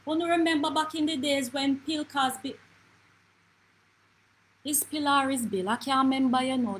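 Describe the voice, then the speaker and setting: A woman with a Jamaican accent playing a brash, gossipy auntie, telling stories in a lively comic monologue with quick asides. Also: sits high, poor audio. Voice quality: animated patois storytelling, quick asides. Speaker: comedy character host. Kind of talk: live comedic monologue.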